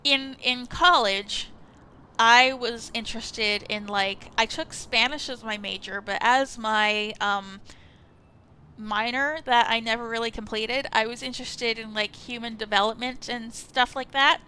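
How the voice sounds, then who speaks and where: A woman's voice: on the high side, fairly even intonation, measured pace, bright, forceful tone, clean tone. A young woman streamer giving casual, rambling commentary while playing a story game. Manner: rambling, hesitant, chatty. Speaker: let's play streamer.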